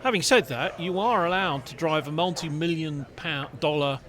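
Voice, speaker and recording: A man's voice: on the high side, normal speed. A man co-hosting a casual podcast panel, talking in a wry, teasing way. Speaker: podcast co-host. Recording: loud crowd noise behind.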